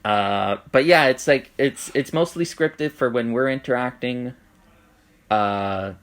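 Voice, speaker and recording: A man co-hosting a relaxed podcast, telling a story with plenty of energy. His voice sits at an ordinary pitch, and he keeps acting out the voices of the people in the story. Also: slow. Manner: animated storyteller, acts out voices. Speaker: podcast co-host. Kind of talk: casual chat, telling a story.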